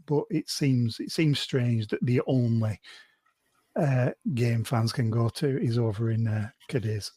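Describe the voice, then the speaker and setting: A man's voice: medium pitch, darkish tone, no room sound. A man co-hosting a football podcast, agreeable and hesitant. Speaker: podcast co-host. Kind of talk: casual football podcast chat.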